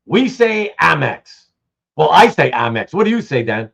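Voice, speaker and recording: A Canadian man hosting a casual live stream, telling stories in an animated way with many restarts. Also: fairly high pitch, normal speed, vocal fry. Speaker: host. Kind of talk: casual livestream chat. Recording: dull lo-fi stream audio.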